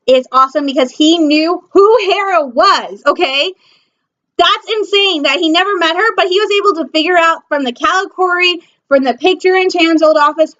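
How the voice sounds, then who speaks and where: A woman from Michigan hosting a pop culture news vlog, gushing excitedly about shows with lots of ums. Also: sits high, highs cut off. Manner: gushing, excitable fan talk with many ums. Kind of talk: casual chat.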